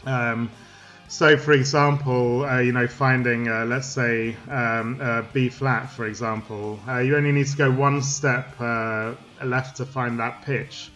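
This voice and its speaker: A man explaining music theory in a casual, halting way, full of ums and restarts. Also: medium pitch, fairly even intonation, a bit bright, lo-fi sound.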